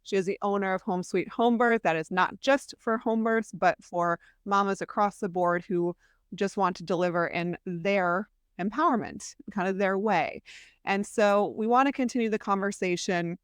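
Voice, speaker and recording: A woman's voice: mid-range voice, normal speed, clear, resonant tone, dry recording, studio quality. A woman from Chicago hosting a health podcast, upbeat and chatty as she introduces the show and her guest. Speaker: podcast host, nurse practitioner. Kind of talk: podcast intro and casual interview.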